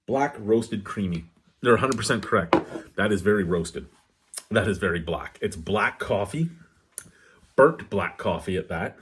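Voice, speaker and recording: A man's voice: on the low side, expressive, unhurried, fairly bright tone, a little hiss or hum. A man reviewing a beer in a casual vlog, rambling off-topic, talking with his hands. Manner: rambling, digressive, candid.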